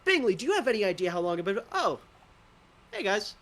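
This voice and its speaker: A man's voice: high voice, sing-song, a little fast, a bit bright, voice pushed up, exaggerated voice. A man voicing a disgruntled male drow in a suit, clipped and impatient, then formally polite.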